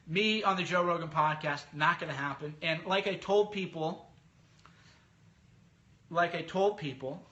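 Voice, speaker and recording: Guy podcaster ranting casually, high bright voice, jumps into mocking impressions. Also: lo-fi sound. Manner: animated, mocking impressions of others. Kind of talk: casual monologue.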